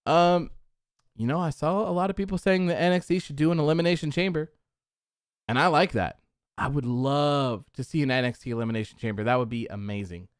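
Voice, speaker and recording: Animated young man hosting a chat stream. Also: on the high side, fairly quick, clear, resonant tone, no echo, clean studio sound. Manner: animated, acts out crowd reactions. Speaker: post-show host reading chat. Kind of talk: casual live-stream commentary.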